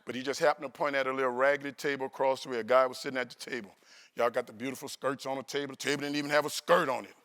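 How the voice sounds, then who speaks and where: A man's voice: mid-range voice, rapid-fire. A man, a motivational speaker telling humorous stories to a live audience at a university event. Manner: animated, comic, playful with the audience. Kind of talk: humorous storytelling speech.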